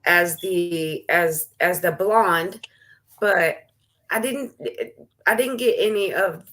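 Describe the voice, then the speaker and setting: A woman interviewing a guest, asking questions gently and giving frequent soft agreements. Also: lowish voice, slow pace.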